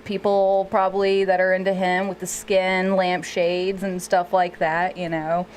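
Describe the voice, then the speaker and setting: A woman's voice: on the low side, flat delivery, a little slow, slight background noise. A woman comedian as a podcast guest, rambling through jokey banter and laughing a lot.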